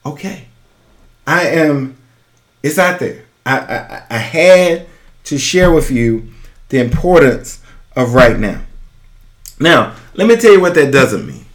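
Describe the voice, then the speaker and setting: A man's voice: medium pitch, expressive, takes it slowly, pauses often, reverberant. A man hosting a podcast, giving an urgent, emphatic motivational talk and repeating his key phrases. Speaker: podcast host and business coach.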